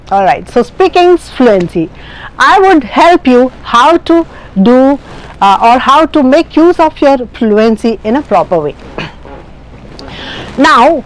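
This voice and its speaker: A classroom lecture on IELTS speaking comes from a woman with an Indian English accent and a fairly high-pitched voice. She explains with many fillers and restarts, and the recording is low quality.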